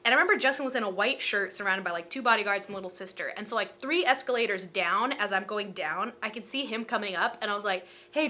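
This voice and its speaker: A young woman in her twenties telling a casual storytime vlog, chatty and animated and full of filler words. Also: mid-range voice. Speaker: storytime vlogger.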